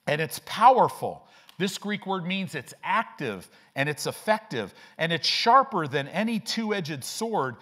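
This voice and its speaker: This is an older man delivering a sermon from the pulpit, his voice sitting a bit high for a man. His delivery is animated, with wide swings of pitch and frequent rhetorical questions aimed at the listeners. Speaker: pastor.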